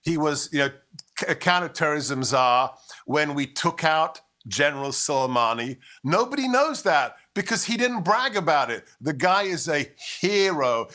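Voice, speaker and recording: Forceful immigrant man, political commentary. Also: fairly high pitch. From immigrant to the United States. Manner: forceful, rhetorical, with storytelling and impressions. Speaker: guest commentator.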